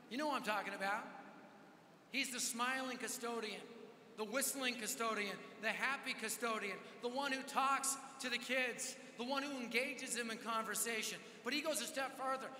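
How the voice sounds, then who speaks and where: A man preaching at a conference, telling a story with energetic, dramatic swings from loud to hushed. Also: very high-pitched, slight background noise. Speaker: conference speaker. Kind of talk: storytelling sermon. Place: large hall. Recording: echoey hall with long reverb.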